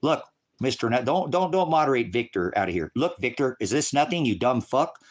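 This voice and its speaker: An angry, distraught man ranting profanely on a livestream, at times shouting. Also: mid-range voice, sing-song, a little fast.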